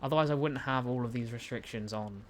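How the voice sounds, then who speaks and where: A young man with a British accent chats loosely on a live game stream, tripping over his words and replying to chat as he goes. His voice sits at a middle pitch, and a faint hiss of noise hangs behind him. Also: quick pace. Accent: British English. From United Kingdom. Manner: rambling, stumbling restarts, reads and answers chat. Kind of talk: casual live-stream chat while gaming.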